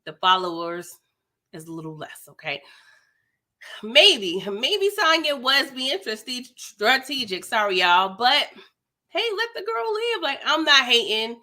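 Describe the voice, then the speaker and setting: A woman's voice: a little high, big pitch swings, takes it slowly, bright, forceful tone. A young woman giving a sassy, slangy, casual recap of a reality TV episode, full of "like" and "girl".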